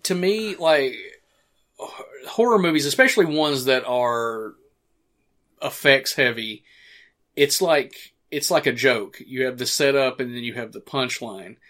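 A man's voice: medium pitch, unhurried, a bit bright. Rambling male podcast host. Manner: rambling, frequent restarts and fillers, casual swearing. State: hiccups. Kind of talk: casual movie commentary.

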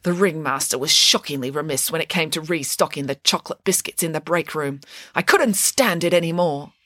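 A woman's voice: deep voice, brisk, fairly bright tone, dry recording, clean studio sound. A woman voicing a self-important, cake-loving female pig nanny in a storybook, talking theatrically with dramatic sighs. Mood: indignant. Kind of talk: storybook character voice.

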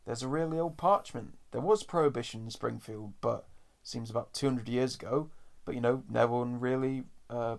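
A young man, hosting a casual, rambling podcast chat and playfully acting out quotes. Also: medium pitch. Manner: rambling, filler-heavy, playfully acts out quotes. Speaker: podcast host. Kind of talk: casual chat reviewing a cartoon episode.

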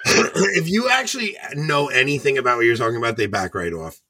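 Male podcast co-host, husky, animated delivery, laughs easily, dry close mic. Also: mid-range voice, a little fast. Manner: laughs often, acts out quoted voices in stories. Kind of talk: casual chat.

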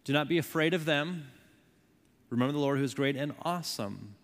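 A man in his thirties preaching a sermon as a pastor, with impassioned delivery that rises loud and falls soft. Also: fairly high pitch, lively intonation, fairly quick. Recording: long hall reverb.

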